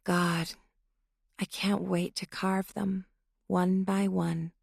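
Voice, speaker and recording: A woman voicing a young female killer with a knife, quiet, taunting and cold in her menace. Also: fairly low pitch, level tone, slow, vocal fry, breathy edge, dry recording, studio quality, heavily acted. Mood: menacing.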